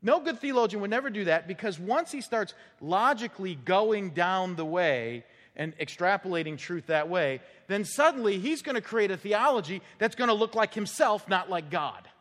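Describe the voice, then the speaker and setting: A male pastor preaches to his congregation in a loose, conversational style, throwing in the odd light tease. His voice sits a bit high and moves up and down a lot. A long reverb trails off the walls of the sanctuary behind him. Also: moderate pace. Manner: conversational, teasing, lively emphasis. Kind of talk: sermon. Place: church sanctuary. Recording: church hall with long reverb.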